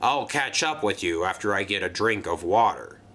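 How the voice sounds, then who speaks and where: A man voicing a wise old male engine who speaks slowly and reassuringly. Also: sits low, lively intonation, a bit bright. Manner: slow, reassuring.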